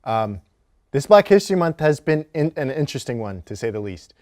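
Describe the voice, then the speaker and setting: A man's voice: mid-range voice, sing-song, fairly quick, a little mellow. A young man hosting a student sports show, talking in an upbeat, jokey, casual way. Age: young adult. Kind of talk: casual chat.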